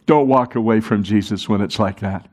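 A man preaching a sermon to a congregation, animated, talking with the room and acting out the quoted voices. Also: lowish voice, normal speed. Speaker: pastor.

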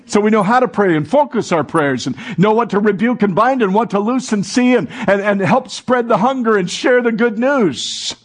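Guy pastor preaching in a church, kinda high voice, keeps getting the crowd to say amen. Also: moderate pace, few pauses. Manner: preaching, calls for congregation responses. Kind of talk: sermon. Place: church sanctuary.

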